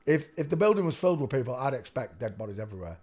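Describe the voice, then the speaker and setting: A man's voice: medium pitch, very animated, rapid-fire, darkish tone. A man giving rambling casual commentary while reviewing a video. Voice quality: rambling, musing, with frequent restarts and asides.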